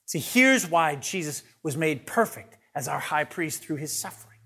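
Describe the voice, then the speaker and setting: Male pastor with a high voice, earnest sermon delivery that restarts words and drops to a hush. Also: lively intonation, normal speed, vocal fry, breathy edge. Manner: earnest, repeats words as he builds each point; swings between loud emphasis and soft hushed lines.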